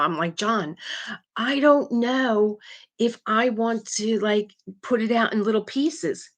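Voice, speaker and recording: A woman's voice: a little high, unhurried. A middle-aged woman hosting a live craft stream, chatting casually and animatedly, reading viewer comments aloud and laughing often.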